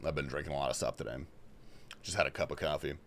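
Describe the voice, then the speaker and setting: His voice is extremely low, fast and full of vocal fry as this young Australian hosts a casual gaming stream. He reads chat's questions aloud and gives loose, profanity-heavy answers through a headphones-and-desk-mic setup.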